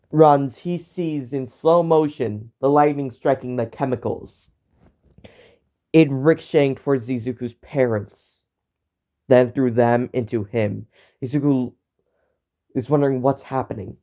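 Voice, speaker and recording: A man's voice: mid-range voice, darkish tone. A young man narrating an amateur fan story in a rambling way, correcting himself as he goes.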